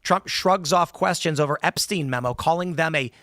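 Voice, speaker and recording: Argumentative male host, slightly high voice, dry studio mic, talk-show debate. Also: pushed and bright, dry recording. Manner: pushy, argumentative, quick to interrupt. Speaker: podcast host. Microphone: studio microphone.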